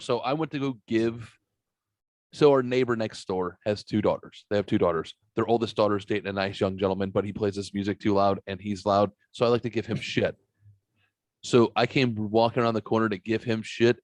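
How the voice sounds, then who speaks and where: A man's voice: lowish voice, a little fast, no room sound. A man hosting a podcast, talking in a profane, rambling, self-mocking way. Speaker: podcast host. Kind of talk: casual podcast banter.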